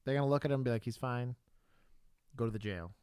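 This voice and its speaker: A man with a Texan accent, a former cop co-hosting a casual livestream and explaining police work with lively laughter. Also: medium pitch, racing, smooth, dry recording. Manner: laughing, animated, explaining in plain terms. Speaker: podcast co-host, former police officer.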